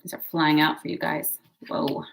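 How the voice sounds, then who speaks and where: With a bright, forceful voice at medium pitch and normal speed, a woman reads tarot and horoscopes in a chatty, casual style, with a faint hiss or hum in the audio. She cheers her viewers on, calls them "guys," and often digresses into side stories.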